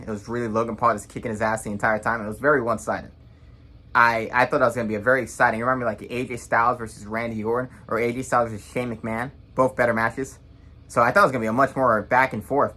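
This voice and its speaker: Casting note: young man, bright forceful tone, blunt rambling reaction vlogger. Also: medium pitch. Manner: blunt, rambling, quick to judge. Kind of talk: casual opinionated recap.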